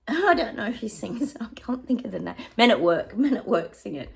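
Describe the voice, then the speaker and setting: A middle-aged woman with an Australian accent, a psychic giving a chatty reading to her viewers, often pausing to say hang on and laughing. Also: mid-range voice, animated, vocal fry. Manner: laughs often and hums snatches of songs.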